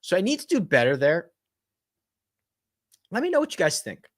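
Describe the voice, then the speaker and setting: A man hosting a casual live-stream chat, thinking out loud and correcting himself as he answers viewer questions. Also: high-pitched, no room sound, clean studio sound. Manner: animated and chatty, thinks out loud with quick self-corrections. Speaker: host of a golf betting and fantasy live chat.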